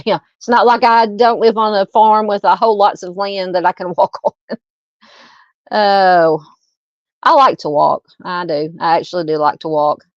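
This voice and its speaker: A woman's voice: medium pitch, dry recording. A Southern woman hosting a true crime livestream, talking loosely and casually with lots of fillers. She is recorded dry and close, on a slightly muffled, dull-sounding mic. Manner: chatty, warm to viewers, frequent fillers and laughs. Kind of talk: casual livestream chat reading comments.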